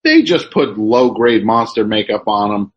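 A man hosts a casual chat and rambles through stories with many restarts. His voice sounds a little husky. The recording is dull and lo-fi. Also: on the low side, sing-song, normal speed. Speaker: radio show host.

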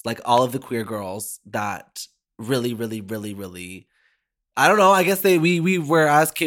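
A drag performer hosting a podcast, chatting casually and gushing over a listener's voicemail and phone call, with lots of fillers and restarts. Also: female voice, extremely low pitch. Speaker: podcast host. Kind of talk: casual chat reacting to voicemails.

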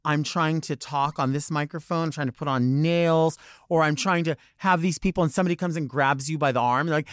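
Animated, foul-mouthed drag performer chatting. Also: male voice, a little high, fairly quick, no echo, studio quality. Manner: animated storytelling, acts out quotes, swears freely. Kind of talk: casual podcast chat.

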